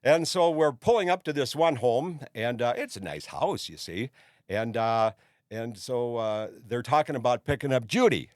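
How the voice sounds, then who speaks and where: A man's voice: medium pitch, animated, moderate pace, dry recording, clean studio sound. An older man hosting his own show, telling a long rambling anecdote in casual chat, dropping "you see" again and again. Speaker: host. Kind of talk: casual storytelling monologue.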